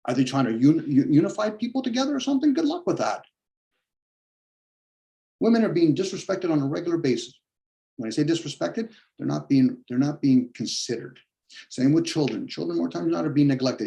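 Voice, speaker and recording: A podcast host launches into a profane philosophical rant, blunt and combative, swearing heavily and mocking objections he imagines others raising. His voice runs on the high side, sing-song and brisk, warm in tone with vocal fry.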